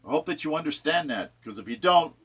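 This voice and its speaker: Fiery, sharp-voiced ranting man. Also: fairly high pitch, lively intonation, fast talker, slightly rough. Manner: ranting, preachy, emphatic. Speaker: poet reciting and explaining his sonnets. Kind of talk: impassioned political commentary.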